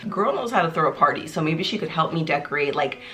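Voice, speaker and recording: Woman vlogger, low pitch, chatty and joking, music playing under her. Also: expressive, fast talker, bright, forceful tone. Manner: bubbly, chatty, jokey, with many fillers. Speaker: YouTuber host. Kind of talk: casual chat to camera. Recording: clear background music under the voice. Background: music playing in the background.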